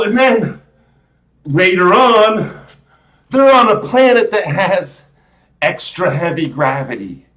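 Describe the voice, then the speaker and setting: A man's voice: high voice, fairly bright tone, reverberant. A man hosting a live show, rambling through a casual movie rant with emphatic restarts and rhetorical questions. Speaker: host.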